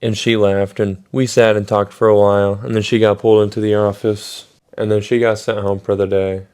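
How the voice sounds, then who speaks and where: A man's voice: fairly low pitch, flat delivery, brisk, darkish tone, smooth. A young man telling a rambling, profane story in a casual storytime vlog, full of fillers. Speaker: storytime vlogger.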